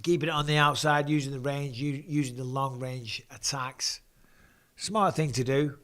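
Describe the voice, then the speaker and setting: Bright-voiced English bloke commentating. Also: male voice, mid-range voice, fairly even intonation, normal speed. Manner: blokey, swears casually, reads viewer questions. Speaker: host. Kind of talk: live fight commentary and chat. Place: home, streaming.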